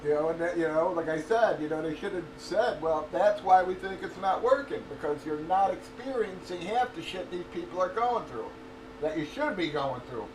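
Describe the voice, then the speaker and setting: A man's voice: sits high, animated, normal speed. A middle-aged man talking casually and bluntly, swearing and laughing often as he vents about his cancer treatment. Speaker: livestreamer. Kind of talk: casual chat. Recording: roomy echo, distant from mic, faint noise.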